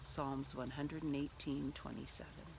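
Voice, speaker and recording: A woman's voice: very deep voice, a little slow, creaky, heavy background noise. A middle-aged woman giving a church devotional through a personal story, acting out the lines she quotes. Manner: lively storyteller who acts out quoted lines.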